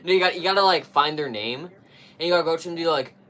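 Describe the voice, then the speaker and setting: A man's voice: a little high, very fast, a bit bright. A young man streaming live, chatting casually in a crude, slangy, ranting way full of swearing.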